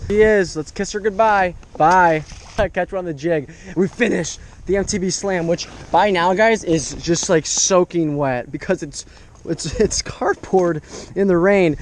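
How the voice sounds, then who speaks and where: A man's voice: high-pitched, slight background noise. A man giving enthusiastic, exclaiming running commentary as a fishing vlogger, recorded outdoors on the water on an action camera.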